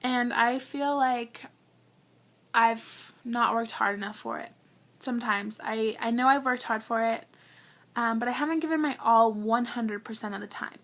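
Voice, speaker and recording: Chatty young woman with a high voice. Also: unhurried, fairly bright tone. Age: young adult. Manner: chatty, heavy use of "like", earnest; emotional, close to tears. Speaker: vlogger. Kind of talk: casual personal storytelling.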